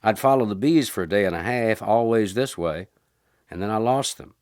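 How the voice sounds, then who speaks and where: Guy reading a western, doing a cheerful desert drifter, folksy drawl, pitched up a bit, dry close sound. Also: moderate pace, a little mellow, no room sound, lightly acted. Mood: easy. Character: easygoing male desert drifter, cheerful and tough.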